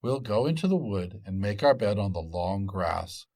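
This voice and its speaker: A man voicing a bold young male adventurer, cheerful and commanding, with a lively voice. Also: lowish voice, moderate pace.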